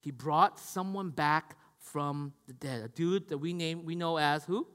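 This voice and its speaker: A man preaching a sermon in a lively, conversational way, asking his listeners questions and swinging from loud to hushed. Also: on the high side, unhurried, smooth. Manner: conversational, asks the audience questions. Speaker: pastor. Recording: long hall reverb.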